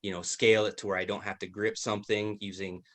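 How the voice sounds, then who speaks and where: A man's voice: fairly low pitch, little pitch movement, fast. A man talking as a podcast guest, telling his stories in an easygoing, self-deprecating way. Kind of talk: casual chat.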